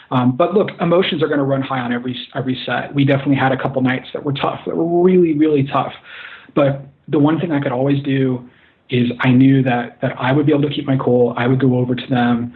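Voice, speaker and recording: Earnest director guy talking on a thin phone-quality line, mid pitch, rambles and restarts a lot. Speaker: film director, guest. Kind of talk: casual interview.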